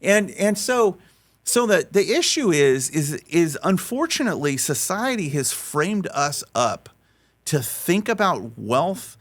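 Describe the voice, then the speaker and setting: A man speaking on a podcast, telling a story in an animated way and repeating words as he restarts his sentences. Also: takes it slowly. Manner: animated storyteller, voice rising high when acting out quotes. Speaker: faith-based life coach and podcast guest.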